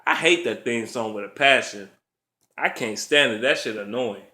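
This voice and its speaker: A man's voice: medium pitch, normal speed, pushed and bright. A man delivering a blunt, profane casual rant as a vlogger, laughing often. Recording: roomy echo.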